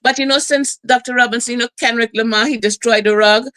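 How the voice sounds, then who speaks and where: A middle-aged woman host, telling stories and preaching in a lively community broadcast. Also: on the high side, fast. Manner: lively, preachy storytelling with laughs and asides.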